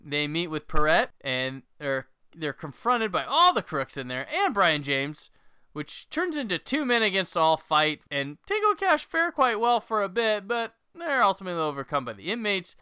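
A man with a bright, very clear voice recaps a movie on a podcast, his pitch jumping around animatedly. The sound is dry and a bit dull, like a lo-fi home podcast recording. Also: dry recording. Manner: lively, quick recapping with laughs. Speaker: podcast co-host.

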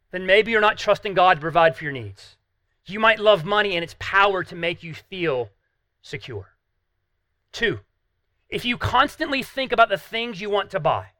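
A man delivers an earnest sermon, pressing his points with emphasis and rhetorical questions. His voice sits high and bright. The sound is dry and close. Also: no room sound. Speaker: pastor.

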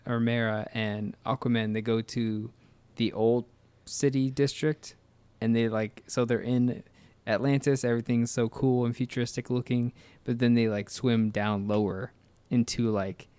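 A man's voice: medium pitch, darkish tone, clear, resonant tone, no room sound. Rambling man chatting about a movie. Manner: rambling, hesitant, lots of fillers and restarts. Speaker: podcast co-host. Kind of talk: casual movie commentary chat.

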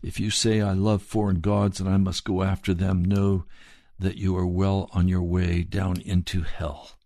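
A man preaching a sermon, earnest and pleading, speaking slowly and deliberately. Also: deep voice, little pitch movement, dark tone, no room sound, clean studio sound.

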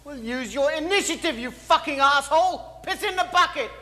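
A shrill, snarling torturer. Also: male voice, expressive, moderate pace, sharp tone, long reverb tail, slight background noise, exaggerated voice. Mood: contemptuous. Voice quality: high-pitched, unusual lilt. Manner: snarling, abusive. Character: menacing male gang torturer, high voice, odd lilt.

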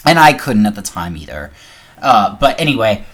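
A woman with a strikingly low voice hosts a casual podcast. She rambles from story to story, swears easily, and keeps steering herself back with "anyway". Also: big pitch swings, normal speed, a bit bright. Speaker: podcast host. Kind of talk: casual chat.

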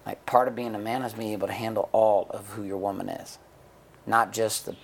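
A man's voice: lowish voice, fairly even intonation, a little fast, vocal fry, slight background noise. A middle-aged man speaking bluntly and profanely in a candid interview, telling stories with acted-out quotes. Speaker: guest, men's coach and author.

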